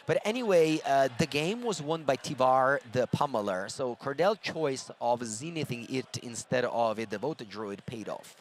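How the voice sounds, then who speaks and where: A man's voice: medium pitch, expressive, moderate pace, few pauses. Male commentator, chatty with fillers, faint hall noise behind. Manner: chatty, frequent fillers and restarts. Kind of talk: live tournament commentary. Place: event hall.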